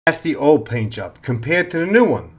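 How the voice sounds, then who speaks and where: A man, a former police officer, telling a story in a casual, animated way and swearing freely. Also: a little high, moderate pace, husky. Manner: animated, swears freely, acts out his own panic.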